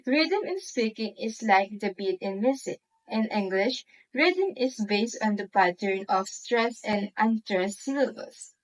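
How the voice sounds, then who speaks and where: Slow Filipino woman presenting a lesson. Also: mid-range voice, animated, rough recording. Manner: slow, deliberate, reads examples aloud. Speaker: student presenter.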